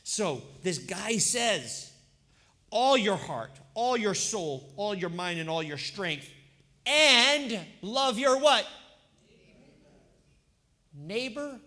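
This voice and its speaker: A man in his fifties, a pastor, preaching a sermon in a lively, conversational way and putting questions to the congregation. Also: high-pitched, very slow, pauses often. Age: 50s.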